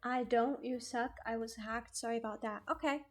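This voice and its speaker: A woman's voice: a little high, steady tone, moderate pace, soft background music. A young woman streaming from home, chatting casually, laughing often and swearing freely. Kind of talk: casual chat.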